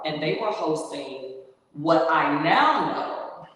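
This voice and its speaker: A woman host telling a story in casual chat, animated, emphatic and profane. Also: low-pitched, takes it slowly. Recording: echoey room from far off.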